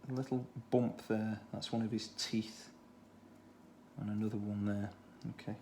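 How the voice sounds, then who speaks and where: A man with a Stoke-on-Trent accent, talking through a children's drawing tutorial in a relaxed way, thinking aloud as he draws. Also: lowish voice, measured pace, slight background noise. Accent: Stoke-on-Trent English. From England. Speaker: art tutor.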